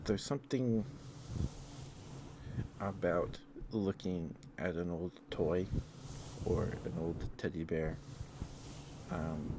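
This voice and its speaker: A man rambles in a soft-spoken ASMR style, with a very low voice. He pauses often and fills the gaps with hesitant fillers. A steady hiss sits under the recording. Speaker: streamer.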